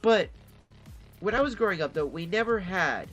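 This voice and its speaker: A man's voice: high-pitched, animated, normal speed, fairly bright tone, muffled recording, faint music behind. A man from Detroit in a casual storytelling monologue, swearing freely and acting out the voices of the people he quotes. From Detroit, Michigan. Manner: profane, acts out quoted voices. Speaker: vlogger.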